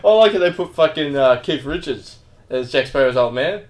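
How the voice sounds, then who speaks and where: A man chatting on a casual podcast, acting out movie scenes as he retells them. His voice sits somewhat high, and he swears freely. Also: moderate pace. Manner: animated storytelling, swears often, acts out scenes. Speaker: podcast co-host. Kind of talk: casual chat.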